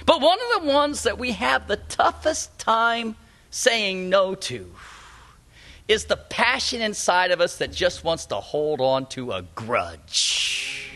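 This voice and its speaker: A middle-aged man preaching a sermon in a church, speaking emphatically and slowing down to stress repeated phrases. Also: extremely high pitch, pushed and bright. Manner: emphatic, repetitive preaching with slowed punchlines. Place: church sanctuary.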